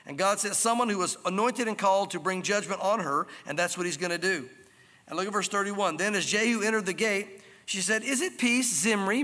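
A male pastor preaching a sermon, telling the story in an animated way and acting out scenes. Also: high voice. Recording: reverberant hall.

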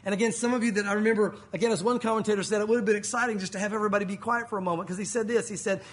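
A man preaching a sermon, telling the story with animated energy and acting out the crowd's shouts. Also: high voice, very fast, hardly any pauses. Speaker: pastor.

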